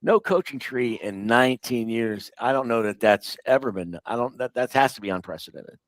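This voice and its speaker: A man appearing as a guest on a casual sports talk show, giving measured opinions with some restarts. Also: medium pitch, expressive, no echo.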